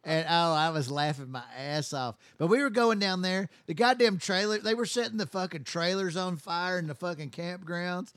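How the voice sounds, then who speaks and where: A man's voice: sits high, moderate pace, hardly any pauses, a bit bright, clean tone, dry recording. A man telling a long, rambling, profane story in casual chat. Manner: rambling, profane, many restarts.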